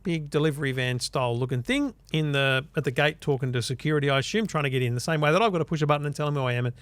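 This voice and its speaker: Fast-talking Australian man telling a story. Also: fairly high pitch, no echo. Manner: animated, acts out quotes loudly. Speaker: podcast co-host. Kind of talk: casual chat, storytelling.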